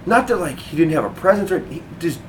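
A man's voice: a little high, animated, fast talker, distant mic, a little hiss or hum, rough recording. A man hosting a podcast, telling rambling, profane stories about bad comedians in casual chat. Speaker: podcast host.

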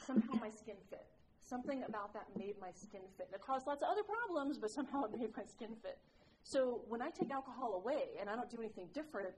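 Woman rambling thru her recovery story, frank n self-mocking, lots of likes, normal pitch, bit of hiss behind. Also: a little mellow, low-quality recording. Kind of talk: personal recovery share to a group.

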